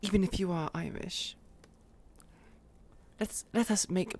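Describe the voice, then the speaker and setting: A woman voicing a haughty, posh English lady innkeeper, speaking in a prim, affected, drawn-out manner. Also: lowish voice, darkish tone, slightly rough, heavily acted.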